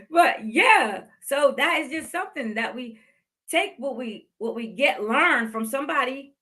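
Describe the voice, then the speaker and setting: A woman's voice: high-pitched, animated, slow pace, pauses often, bright, forceful tone. A woman in her fifties hosting a podcast, giving heartfelt motivational faith talk and repeating phrases for emphasis. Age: 50s. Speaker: podcast host.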